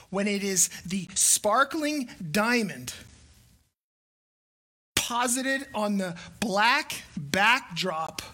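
A woman preaching a sermon, emphatic and deliberate, repeating key phrases with pauses between them. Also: mid-range voice, a bit bright.

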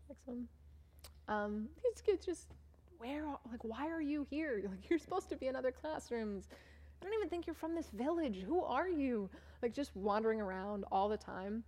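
A woman's voice: on the high side, expressive, normal speed, darkish tone. A young woman, a volunteer teacher, telling casual stories about her class, chatty and full of "like" and "um". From United States. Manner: chatty, full of "like" and "um", acts out what others said. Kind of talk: casual storytelling talk over photos.

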